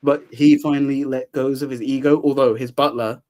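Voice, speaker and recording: A young adult man with a mid-range voice and brisk delivery hosts a relaxed podcast chat recapping a film. He's animated, laughing a lot and acting out quotes.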